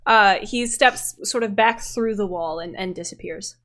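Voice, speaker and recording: A woman narrating a tabletop game as game master, unhurried and playful. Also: mid-range voice, a bit bright.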